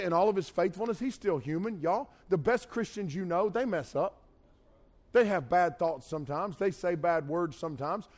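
A middle-aged man preaching a sermon, folksy and animated, with jokey asides. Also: on the high side. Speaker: pastor. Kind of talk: sermon with storytelling.

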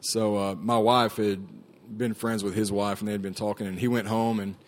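A man's voice: lowish voice, level tone, moderate pace. Man telling his testimony, casual. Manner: casual storytelling, many fillers and "like". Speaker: ministry staff member giving testimony. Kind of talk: personal testimony talk.

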